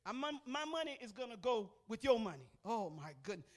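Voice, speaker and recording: A woman's voice: a little high, sing-song, brisk. Folksy older woman preaching testimony. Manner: folksy, calls out to the congregation; swings between loud emphatic bursts and soft murmurs. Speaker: pastor. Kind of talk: testimony sermon. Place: church sanctuary.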